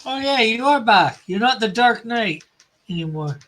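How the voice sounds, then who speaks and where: A man's voice: extremely high pitch, lively intonation, moderate pace, fairly bright tone. A man streaming live as he draws a comic, chatting casually and reading out viewer comments. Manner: chatty, reads out viewer comments and chuckles often. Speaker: comic artist streaming while drawing. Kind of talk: casual livestream chat.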